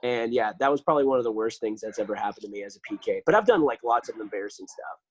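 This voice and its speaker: A man's voice: on the low side, very fast, breathy edge, poor audio. A man, a podcast guest telling casual stories full of fillers. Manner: animated storyteller, lots of fillers.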